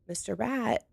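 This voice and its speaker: A woman streaming a live reaction, excitable and quick to exclaim and laugh. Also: mid-range voice, gravelly, slightly rough, dry recording.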